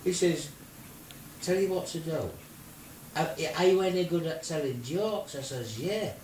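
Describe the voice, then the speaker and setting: An older man, a grandfather, telling a silly made-up story in an animated way, with squeaky put-on voices for the people in it. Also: measured pace, slight background noise. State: ill. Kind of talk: playful bedtime-style storytelling. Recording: roomy home video from a distance.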